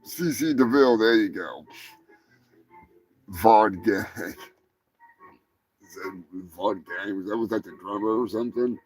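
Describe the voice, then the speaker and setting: A man hosting a crude comedic news show, talking in a profane, rambling, mock-gruff way. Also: fairly low pitch, unhurried, long pauses, darkish tone, faint music behind. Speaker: host.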